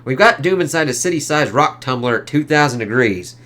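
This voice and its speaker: Man reading as a brisk heroine commander. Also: mid-range voice, animated, fairly bright tone, natural voice. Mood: commanding.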